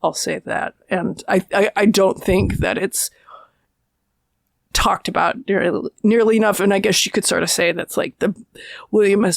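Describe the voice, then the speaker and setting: A woman's voice: mid-range voice, vocal fry, dry recording. A woman film critic talking casually as a podcast guest, thinking aloud and circling back with restarts.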